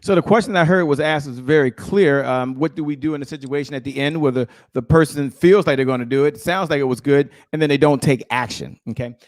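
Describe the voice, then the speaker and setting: A man coaching on sales during a live show, energetic and emphatic, often acting out dialogue with buyers. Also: on the high side, fairly quick, few pauses, no room sound, clean studio sound.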